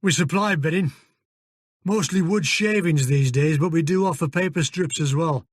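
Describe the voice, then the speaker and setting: Gruff northern stables boss, blunt and curt, pitched up, as a male reader puts him on, dry close sound. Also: moderate pace, no echo, natural voice. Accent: northern English.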